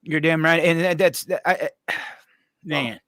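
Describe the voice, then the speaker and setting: A man's voice: on the high side, a little slow, bright, forceful tone, dry recording. Earnest man hosting a live stream. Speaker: host. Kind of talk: live stream talk show.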